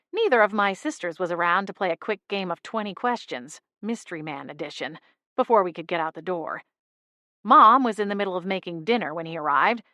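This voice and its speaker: A woman narrating a novel in the first person as an audiobook, wry and lively. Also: medium pitch, no room sound, clean studio sound.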